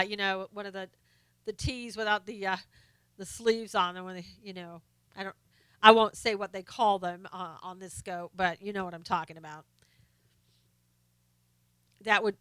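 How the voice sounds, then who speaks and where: A woman hosting a casual live stream, reading viewer comments aloud in a chatty, halting way full of fillers and restarts; she is losing her voice. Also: medium pitch, sharp tone, clear, resonant tone, no echo.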